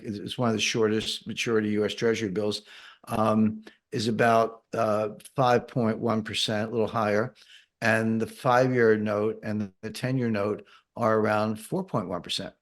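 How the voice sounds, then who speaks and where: Low-voiced man, dry sarcasm. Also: fairly even intonation, unhurried. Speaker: guest economic commentator. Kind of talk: interview answers.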